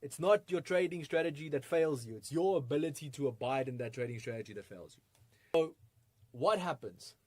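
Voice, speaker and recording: A man presenting a live online trading masterclass, energetic and full of rhetorical questions, with frequent chuckles. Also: on the high side, fairly quick, no echo.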